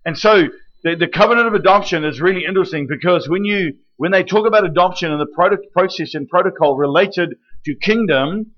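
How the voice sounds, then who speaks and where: A man with a high voice preaches a sermon, teaching in a lively way and often pausing to ask his listeners if they follow. The recording is muffled and lo-fi, with the top end rolled off. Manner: lively teaching preacher, rhetorical questions and checks with the room. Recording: dull lo-fi recording.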